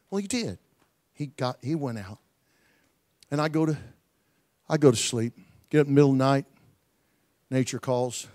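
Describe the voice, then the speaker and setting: A man preaching a sermon, telling a story in a folksy way, stumbling over repeated words and building to loud shouts. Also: mid-range voice, lively intonation, moderate pace, long pauses.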